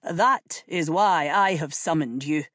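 A woman voicing a commanding young king who speaks in loud, imperious orders. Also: low voice, takes it slowly, no room sound, studio quality, exaggerated voice. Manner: blustering, imperious. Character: King James, commanding young royal man.

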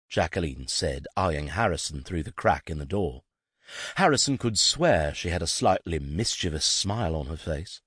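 A man narrating a novel in an expressive, scripted reading. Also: low voice, moderate pace, slightly rough, no room sound, studio quality. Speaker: audiobook narrator.

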